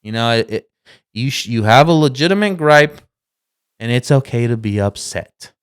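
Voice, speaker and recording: A man's voice: mid-range voice, lively intonation, normal speed, clear, resonant tone. A man in his thirties co-hosting a casual podcast, rambling with many restarts and swearing as he talks. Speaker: podcast co-host.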